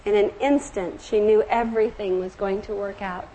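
A middle-aged woman from the American South preaching a sermon, telling stories gently and slowing down on scripture and hymn lines. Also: mid-range voice, steady tone, low-quality recording. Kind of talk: sermon with storytelling.

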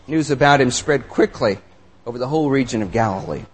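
A man's voice: medium pitch, big pitch swings, fast, husky. A man preaching a sermon, reading scripture and reflecting on it with earnest, emphatic questions. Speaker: pastor.

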